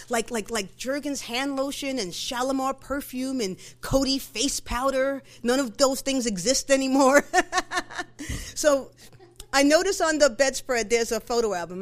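A middle-aged woman tells a story from her own life. Her voice sits a little high. She talks conversationally, with fillers and quick self-corrections. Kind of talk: live personal storytelling.

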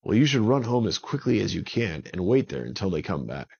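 A man's voice: on the low side, big pitch swings, fairly quick, vocal fry, a little mellow, husky, full character voice. A man voicing a friendly, sensible troll who helpfully talks through a plan. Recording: dull lo-fi recording.

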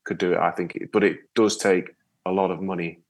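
A man, a guest telling stories in a casual interview chat, full of lively re-enactments. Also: low voice, normal speed. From Yorkshire, England. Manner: storytelling, lively, animated re-enactments. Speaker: guest, ocean rower.

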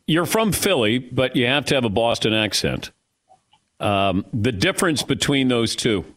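A man's voice: mid-range voice, expressive, moderate pace, fairly bright tone. A man hosting a sports talk show, interviewing a guest with brief prompting questions. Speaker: radio host.

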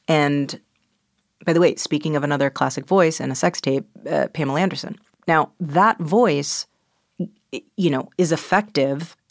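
A middle-aged woman author in a conversational interview, talking quickly and animatedly, dropping into quick voice impressions. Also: deep voice, dry recording, studio quality.

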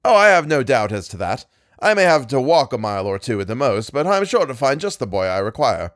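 Airy, secretive old professor for a storybook, brisk and lively in his tune, read by a man. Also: mid-range voice, no echo, clean studio sound.

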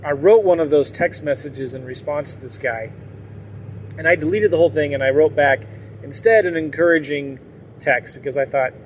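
Candid rambling man, slightly high voice. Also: normal speed, slight background noise. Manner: rambling, candid, laughs often. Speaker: vlogger. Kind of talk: casual monologue to viewers.

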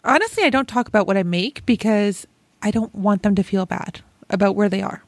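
A woman in a relaxed podcast conversation, talking in a chatty, candid way as a guest who runs her own business. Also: mid-range voice, a little fast, no echo.

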